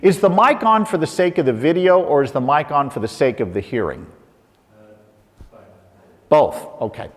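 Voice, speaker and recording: A middle-aged man giving a lively talk to an audience, asking rhetorical questions with playful asides, on a mic in a lecture hall. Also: on the high side, moderate pace, pauses often. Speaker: speaker. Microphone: handheld or lapel mic. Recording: long hall reverb.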